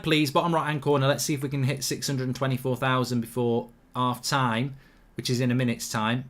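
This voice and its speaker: A man's voice: medium pitch, fairly even intonation, a little fast, few pauses, fairly bright tone. A man hosting a live football watchalong, chatting opinionatedly and reacting to the match. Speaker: host.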